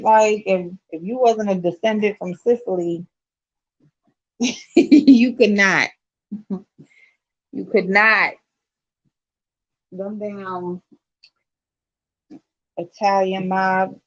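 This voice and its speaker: Chatty swearing woman, dull lo-fi sound. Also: lowish voice. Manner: loud and expressive, laughs a lot, swears casually. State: yawning, tired. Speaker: vlogger. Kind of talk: casual chat to viewers.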